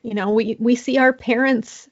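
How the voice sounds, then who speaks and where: A woman therapist talking as an interview guest, in a casual, animated way. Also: on the high side, normal speed, highs cut off. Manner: animated, acts out quoted voices.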